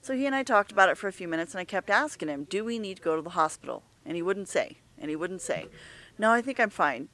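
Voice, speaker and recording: A middle-aged woman talking openly and earnestly in a candid conversation, often halting and restarting her sentences. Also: on the low side, expressive, fairly bright tone.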